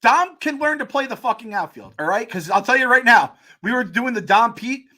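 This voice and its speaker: A male podcast co-host who talks bluntly and heatedly, cursing often. His voice sits high for a man and sounds bright and sharp. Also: expressive, fairly quick. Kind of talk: casual sports chat.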